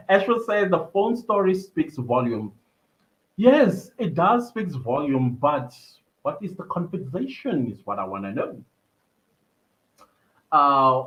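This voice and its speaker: A man's voice: fairly high pitch, lively intonation, unhurried, pauses often, a bit bright. South African man on a livestream. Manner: chatty, laughs often, reads comments aloud. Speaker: livestream host. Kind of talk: casual chat reading viewer comments. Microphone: computer mic on a live stream. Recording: slightly dull lo-fi stream audio.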